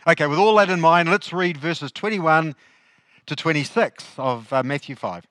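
A man's voice: fairly high pitch, moderate pace, a bit bright, no echo. A male pastor, preaching a sermon in a conversational way and asking the congregation questions.

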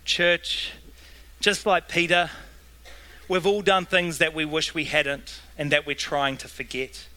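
A man preaching a sermon to his church in a slow, earnest way. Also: a little high, little pitch movement, sharp tone, low-quality recording. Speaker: pastor.

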